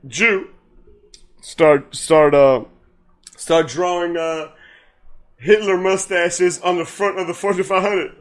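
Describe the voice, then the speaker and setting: A man with a fairly high voice co-hosts a podcast in loose, casual chat. He retells a sitcom scene with gusto, slipping into the characters' lines and laughing as he goes. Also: slow, pauses often. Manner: animated storyteller, acts out characters' lines, laughs often, heavy profanity. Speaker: podcast co-host.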